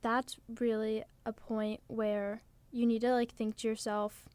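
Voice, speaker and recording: A woman's voice: a little high, flat delivery, measured pace, a little mellow, clear, resonant tone, no echo. A teenage girl from New Jersey co-hosting a podcast, chatting earnestly with lots of "like" fillers. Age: teens. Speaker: podcast co-host. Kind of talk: casual chat.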